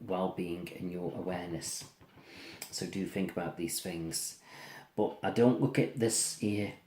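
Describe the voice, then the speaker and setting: A man giving a spiritual card reading, speaking gently and repetitively, sounding tired and drained. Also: low-pitched. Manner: soothing, repetitive, yawning and tired. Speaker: psychic card reader. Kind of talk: tarot-style reading to camera. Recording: echoey room with faint ambience.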